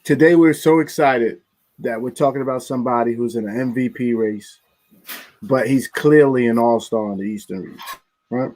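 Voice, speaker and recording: A man's voice: medium pitch, moderate pace, darkish tone. A man co-hosting a sports podcast, earnestly laying out his argument step by step in casual chat. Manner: earnest, lays out a case step by step.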